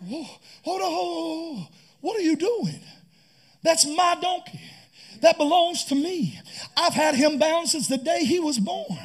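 A man's voice: very high voice, lively intonation, unhurried, pitched above the performer's own voice. A man playing a defensive male donkey owner in a scene inside a sermon, protesting and asking incredulous questions. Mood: alarmed. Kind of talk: acted scene within a sermon.

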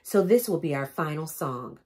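A woman voicing a band of rock-star reindeer from a picture book, cheerful and high. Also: animated, normal speed, darkish tone.

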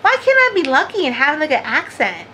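Chatty, bright-voiced woman vlogger. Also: high-pitched, wildly swooping pitch, fairly quick, slight background noise, rough recording. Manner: chatty and rambling, laughs often, says "like" a lot. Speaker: crafting vlog host. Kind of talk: casual chat to camera. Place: home.

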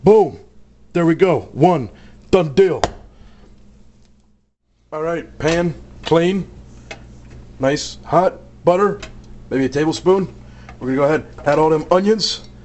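A brash, joking man hosting a cooking show, bantering with the crew while he cooks. His voice sits a little high for a man. There is a faint hiss behind him. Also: takes it slowly, long pauses, darkish tone. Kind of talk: casual cooking demonstration. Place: kitchen with grill.

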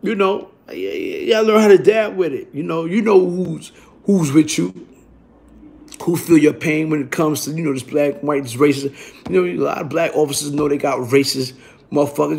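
A man's voice: fairly high pitch, a little fast, gravelly, a little mellow. A man from Brooklyn, talking in a rambling, profane street monologue full of repeated tag questions. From Brooklyn, New York. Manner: streetwise, profane, repeats "you heard?" tags. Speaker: vlogger.

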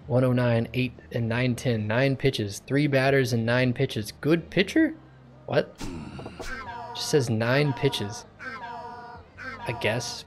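A man's voice: medium pitch, slow, pauses often, crowd noise. A man streaming a video game live, chatting casually, reacting to the game and answering chat.

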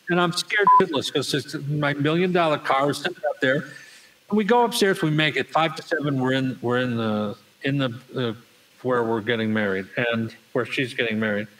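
An older man, telling a story as a guest in an interview, acting out the people in it. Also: poor audio. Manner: animated storyteller, acts out voices with big pitch jumps. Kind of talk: storytelling anecdote.

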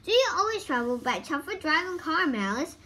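A woman reading aloud as a curious, outspoken young woman, with a halting read. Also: sits high, sing-song, pushed and bright, exaggerated voice. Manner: reads haltingly, stumbling over words.

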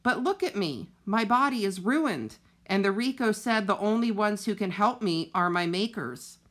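Woman doing storybook robot lady, earnest, measured, plain-spoken, mid pitch. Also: lively intonation, fairly bright tone. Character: gentle female robot, calm and earnest. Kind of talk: reading a children's novel aloud.

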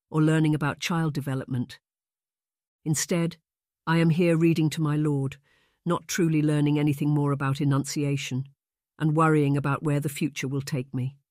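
A man doing an earnest young woman in an audiobook, her lines lifted higher than the narrator's own voice and a little shaky. She addresses her superior with careful, deferential politeness. The sound is dry and close. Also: a little mellow, no echo, lightly acted. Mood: troubled. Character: young destitute woman, earnest governess trainee. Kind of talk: audiobook character voice.

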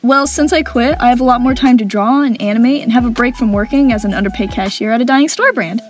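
A woman's voice: a little high, fast talker, music in the background. A young woman narrating funny work stories with wry, sarcastic humor. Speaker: animation storyteller. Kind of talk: story-time narration.

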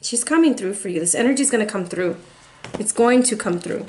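A woman's voice: medium pitch, animated, fairly quick, darkish tone, slight background noise. A woman giving a casual, encouraging tarot reading to her viewers, close to tears and calling them baby. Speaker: tarot reader.

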